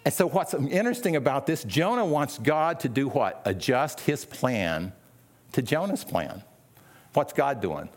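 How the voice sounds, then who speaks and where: A middle-aged man preaching a sermon in a conversational way, often asking the listeners rhetorical questions. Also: medium pitch. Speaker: pastor.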